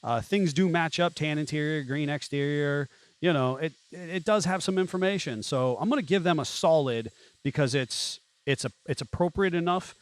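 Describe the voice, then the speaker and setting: A man hosting a show, giving casual commentary with sarcastic, wisecracking asides and animated jumps in pitch for jokes. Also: normal speed, clean tone. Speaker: host reviewing used Jeep listings.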